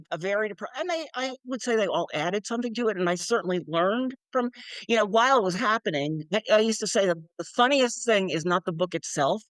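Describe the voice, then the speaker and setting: Older lady author, lively storyteller, laughs a lot, dry close mic. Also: medium pitch, no room sound. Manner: animated, acts out quoted voices, laughs often. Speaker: author and guest. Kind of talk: casual interview chat.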